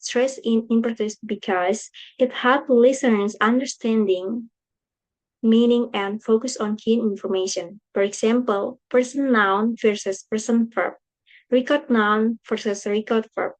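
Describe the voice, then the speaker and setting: A woman's voice: fairly high pitch, fairly even intonation, rough recording. Young Indonesian woman reading coursework aloud. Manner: careful, halting reading with slips and restarts. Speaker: student presenting coursework. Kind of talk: read-aloud class presentation.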